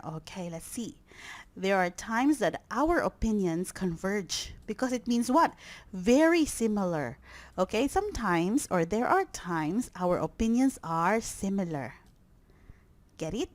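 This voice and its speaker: A woman's voice: mid-range voice, very animated, a little slow, dry recording. A woman with a Korean accent teaching English vocabulary, drilling words and quizzing her students with short questions. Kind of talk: recorded vocabulary lesson.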